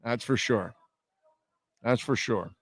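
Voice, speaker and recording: A man's voice: mid-range voice, slow, dry recording. A man hosting a sports radio show, rambling through a profane story and reading chat comments. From Miami. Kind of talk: casual live-stream chat.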